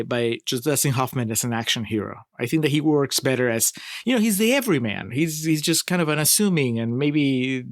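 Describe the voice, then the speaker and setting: A man co-hosting a casual film review podcast, talking in an animated way, laughing often and swearing freely. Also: fairly high pitch, dry recording, studio quality. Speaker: podcast co-host.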